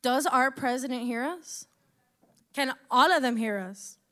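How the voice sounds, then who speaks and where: A woman's voice: sits high, measured pace, a bit bright. A young woman from the United States giving an impassioned personal monologue, emotional and close to tears, swearing as she speaks.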